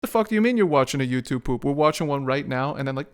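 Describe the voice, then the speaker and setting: A man's voice: mid-range voice, animated, very fast, clean tone. A young man streaming a game, rambling profanely and joking with his chat. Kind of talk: casual gameplay stream chat.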